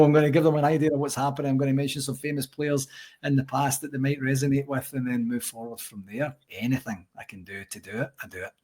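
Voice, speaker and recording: A middle-aged man with a Scottish accent talks through his stories in a lively, chatty way. His voice is slightly husky, pitched at an ordinary middle height. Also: fast. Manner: chatty storyteller, animated anecdotes. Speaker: interview guest, supporters' association president. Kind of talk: casual conversational interview.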